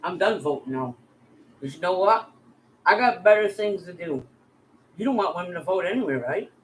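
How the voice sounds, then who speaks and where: A woman's voice: on the low side, animated, normal speed, a little hiss or hum, low-quality recording. A middle-aged woman vlogger giving a heated, profane rant straight at her critics. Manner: profane, heated, addresses bullies directly. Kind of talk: angry direct-to-camera rant.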